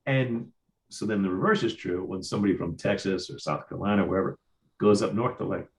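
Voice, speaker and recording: A man's voice: sits low, a little fast, creaky. A man with a Midwestern accent hosting an interview, chatty and telling stories with frequent stammers and repeats. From Ohio. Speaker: host. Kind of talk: casual interview chat.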